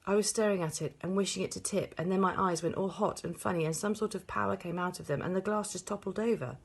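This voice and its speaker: A woman's voice: lowish voice, fast talker, breathy edge, pitched above the performer's own voice. A woman voicing a small, clever schoolgirl who speaks earnestly and eagerly in a storybook reading.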